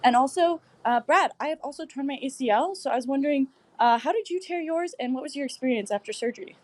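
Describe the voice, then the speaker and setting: A woman's voice: sits high, fast. Bubbly woman leaving a voice memo. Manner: bubbly, excited and thankful. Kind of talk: voice memo to a podcast.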